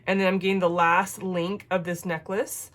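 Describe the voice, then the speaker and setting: A woman chatting casually in her jewelry-making vlog, gushing and excitable, and tired after an illness. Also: fairly low pitch, moderate pace. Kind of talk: casual tutorial chat.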